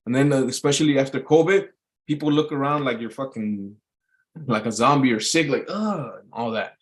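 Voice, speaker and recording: A man's voice: mid-range voice, steady tone, moderate pace. Rambling, cussing man on a live stream. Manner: rambling, profane, full of fillers and restarts. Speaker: YouTube livestreamer. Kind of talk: casual rambling monologue. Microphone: live stream mic.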